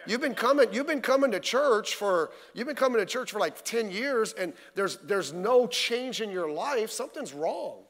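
A man's voice: sits high, animated, normal speed, hardly any pauses, fairly bright tone. A male pastor giving a midweek sermon in church, talking in a folksy, conversational way with lots of rhetorical questions. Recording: reverberant church hall.

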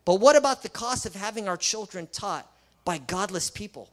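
A man's voice: sits high, lively intonation, normal speed, a bit bright. A man who is a Christian school principal, preaching an emphatic sermon full of rhetorical questions and sarcastic asides.

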